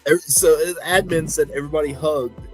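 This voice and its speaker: Brief: male panelist, higher voice, excited profane retelling, music clearly in the background. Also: brisk, low-quality recording. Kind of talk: casual race-weekend recap chat.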